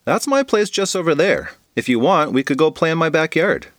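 A man's voice: fairly high pitch, sing-song, fairly quick, a bit bright, no room sound, clean studio sound, voice pushed up. A man voicing a cheerful, imaginative young schoolgirl with a teasing, bubbly manner.

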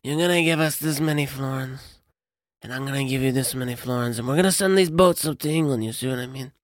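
A man putting on a mock Italian-American mobster accent to voice a scheming old Florentine banker, talking low in the back of the throat. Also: quick pace, no echo, clean studio sound, close to an everyday voice. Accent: put-on American Italian mobster accent. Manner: low, throaty, wheeling-dealing.

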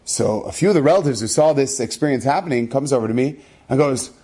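A man who is a rabbi, telling a personal story to a congregation in an animated, emphatic way, his voice jumping up on key words. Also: medium pitch, fast talker, slightly rough.

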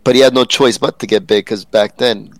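A man chatting casually as a guest, asking relaxed questions with hesitant restarts. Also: fairly low pitch, a little fast, no echo. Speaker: podcast guest. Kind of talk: casual chat.

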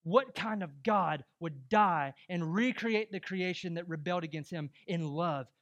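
A young adult man preaching a sermon as pastor, emphatic and rising to loud exhortation. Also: on the high side, a little slow, dull audio.

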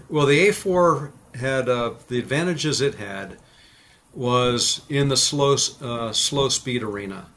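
A man, a former fighter pilot, telling stories in a casual interview and acting out the voices in them. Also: mid-range voice. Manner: animated, acts out quoted dialogue.

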